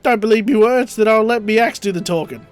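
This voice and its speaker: A man voicing a swaggering male pirate marauder leader in a game playthrough, gruff and boastful. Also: sits high, a little fast, faint music behind, pitched above the performer's own voice, lightly acted. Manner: gruff boastful threats, rough working-class speech.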